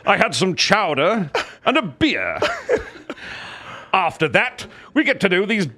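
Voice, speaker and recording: A man putting on a loud, theatrical voice as a comic impression, laughing through his lines. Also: high-pitched, very animated, measured pace, voice pushed up, heavily acted. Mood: boisterous.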